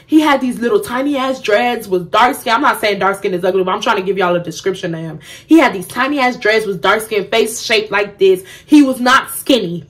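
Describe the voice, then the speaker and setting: Blunt, animated young woman telling a story. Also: a little high. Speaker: vlogger. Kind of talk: storytime vlog.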